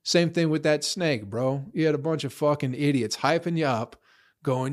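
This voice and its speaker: A man's voice: mid-range voice, normal speed, a little mellow. A young man in a profane, rambling casual rant, blunt, tossing in "bro" and "you know" often. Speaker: vlogger.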